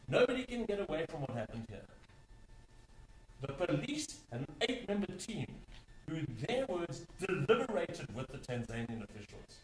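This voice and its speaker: A man's voice: a little high, sing-song, moderate pace. A man arguing a legal case before a court, emphatic, stressing and repeating key words. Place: large courtroom. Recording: echoey courtroom, distant mic, faint hum.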